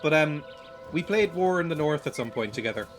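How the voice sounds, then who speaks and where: A young male streamer rambles through casual gameplay commentary in a somewhat high voice, tripping over and repeating his words. He jokes at his own expense, with game music playing in the background. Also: animated, brisk. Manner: rambling, self-deprecating, stumbles and repeats words.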